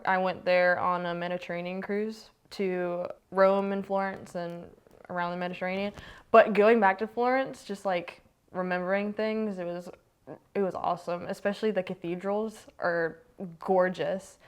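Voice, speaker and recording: A woman's voice: fairly low pitch, clean tone. A young woman from the United States, a youth soccer player, recounts her story in a documentary interview, chatty and full of fillers.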